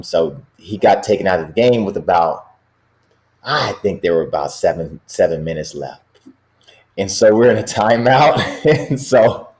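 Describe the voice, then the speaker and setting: A man's voice: on the low side, darkish tone. A middle-aged basketball coach, a man, telling stories in a casual chat and laughing often as he talks. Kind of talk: casual storytelling.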